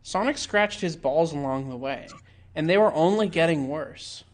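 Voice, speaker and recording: Man, stream host, narrating, deadpan, casual, slightly higher pitch. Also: moderate pace, slight background noise. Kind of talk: reading a fan story aloud on a live stream.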